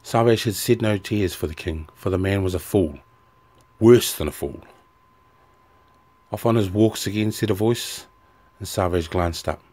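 A man narrating a fantasy novel in a measured, even audiobook reading. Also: sits low.

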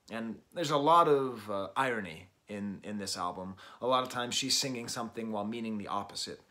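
A man's voice: fairly low pitch, a little fast, few pauses, pushed and bright. A man hosting a casual album review from home, talking while working out, hesitant and full of ums and small chuckles. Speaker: host and record reviewer.

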